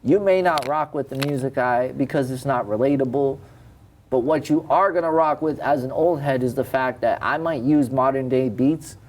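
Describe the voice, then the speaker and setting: A man's voice: medium pitch, moderate pace, a little mellow. Rapper guest, man in his thirties, candid and rambling, faint background hiss. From Cambridge, Massachusetts. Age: 30s. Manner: candid, rambling, self-correcting. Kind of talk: casual interview talk. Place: TV studio.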